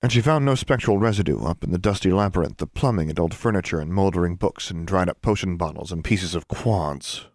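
A man narrating an audiobook in a steady, measured reading voice. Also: low voice, no room sound, studio quality.

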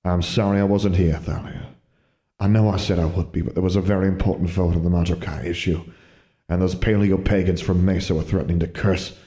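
A man reading the lines of a proud young wizard father and husband, earnest and tender, in a low voice. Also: fairly even intonation, brisk, dark tone, echoey room, close to an everyday voice.

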